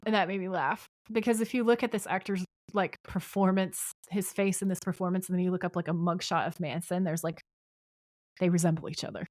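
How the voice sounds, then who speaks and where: Woman co-host, lowish voice, casual episode recap, dry close sound. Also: steady tone, brisk, a little mellow, no echo. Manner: retells scenes and reads out dialogue with chatty asides. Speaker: podcast co-host.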